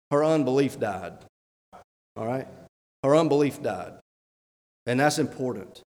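A church elder with a medium-pitched, darkish voice preaches a sermon, reading scripture aloud and pressing emphatic rhetorical questions. A long hall reverb fills the recording.

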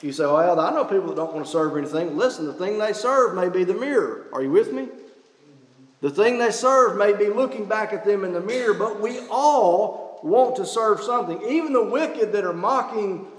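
High-voiced preacher in an echoey church. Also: male voice, animated, normal speed. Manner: emphatic preaching with rhetorical questions. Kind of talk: sermon.

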